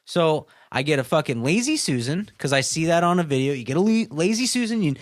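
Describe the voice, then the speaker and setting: A man's voice: on the high side, a little fast. A man co-hosting a podcast, telling a story in casual chat, swearing freely and acting out what people said. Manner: animated, swears a lot, acts out quotes. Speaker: podcast co-host.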